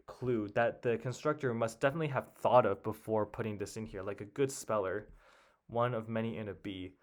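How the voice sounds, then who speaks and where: A young man solving a crossword on his own, talking under his breath as he tries out one answer after another. He trails off into quiet guesses and then speaks up again when something clicks. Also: mid-range voice. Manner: muttering guesses, thinking aloud. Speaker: puzzle solver. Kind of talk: casual solo commentary while solving.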